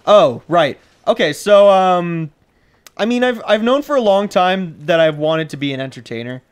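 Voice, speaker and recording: A man's voice: animated, moderate pace, clear, resonant tone. A man co-hosting a casual gaming chat, goofy and jokey, who teases right back. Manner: goofy, jokey, swings his pitch around. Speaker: co-host.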